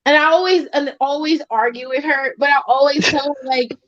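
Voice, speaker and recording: Woman co-host, high voice, animated storytelling, dull dry lo-fi audio. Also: moderate pace, slight background noise. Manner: animated storyteller acting out friends' lines, laughing often. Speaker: podcast co-host. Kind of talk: casual chat.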